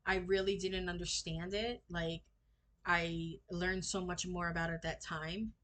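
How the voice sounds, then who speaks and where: A young woman telling a personal story in a casual vlog, halting and full of fillers, acting out what people said to her. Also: on the low side, flat delivery, fairly bright tone. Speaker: vlogger sharing a personal story.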